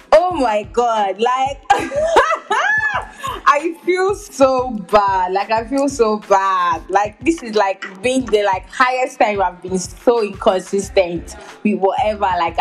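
A woman's voice: medium pitch, slow pace, soft background music, poor audio. A young woman hosting her own podcast in casual chat, giggling often and filling her speech with "like". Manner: giggly, heavy use of filler words, many restarts. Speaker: podcast host.

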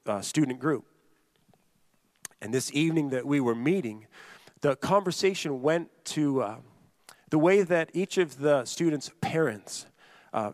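Male pastor preaching, earnest and emphatic, repeats his points and addresses listeners directly, mid-pitched, dry close sound. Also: no echo. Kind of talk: sermon.

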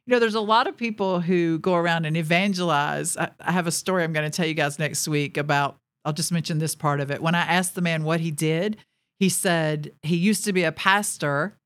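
A woman's voice: sits low, a little fast, a bit bright. A woman hosting her own podcast, telling a personal story in a chatty way with fillers and little laughs, recorded in a studio. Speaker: podcast host. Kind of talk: casual storytelling.

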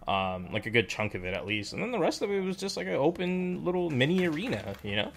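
A man's voice: fairly high pitch, sing-song, quick pace, vocal fry, noisy background. A man chatting casually with friends, rambling with lots of fillers and restarts. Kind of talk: casual chat.

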